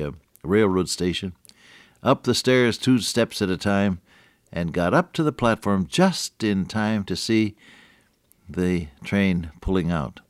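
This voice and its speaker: A man's voice: on the low side, no echo, clean studio sound. A man delivering a radio sermon, telling stories in a conversational way that builds to earnest, emphatic points. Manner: earnest, rises to emphatic peaks; conversational, with chuckles and restarts. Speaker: radio preacher.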